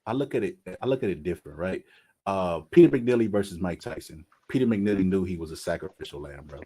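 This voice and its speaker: A man hosting a casual boxing chat, animated and profane, often acting out quotes. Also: deep voice, quick pace, slightly rough. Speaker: boxing channel host.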